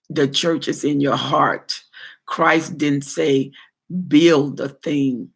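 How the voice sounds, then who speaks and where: A man's voice: a little high, gravelly, fairly bright tone, slightly rough. A man, a pastor, answering viewer comments on a livestream in a preachy way, repeating phrases for emphasis.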